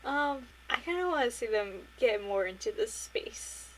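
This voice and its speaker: A woman with a slightly raised pitch talks easily about books, mostly in short, relaxed replies with the odd mild swear word. A faint hiss of noise sits behind her voice. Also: a little slow, low-quality recording. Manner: laid-back, short reactions, mild swearing. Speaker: book club podcast co-host. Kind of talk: casual chat.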